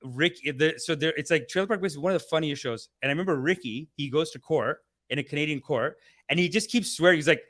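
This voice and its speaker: A man hosting a casual live stream, rambling and swearing excitably, often laughing mid-sentence. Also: on the high side, fast talker. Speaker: host.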